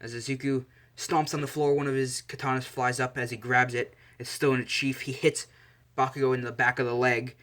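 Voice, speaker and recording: A man's voice: medium pitch, level tone, a little fast, a bit bright. A man narrating a fan story casually, rambling and correcting himself with fillers.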